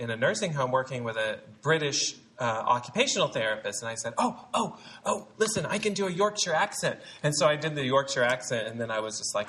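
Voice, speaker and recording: In a theater rehearsal room during a read-through, a dialect coach in his forties gives actors an informal, rambling lesson, laughing often. His medium-pitched voice is pushed and bright, and the recording is rough.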